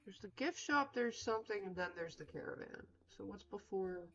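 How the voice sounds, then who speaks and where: A woman's voice: medium pitch, expressive, fairly quick, fairly bright tone, highs cut off. A woman streaming a detective game in casual commentary, chatty and self-mocking as she thinks aloud. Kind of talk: casual let's-play commentary.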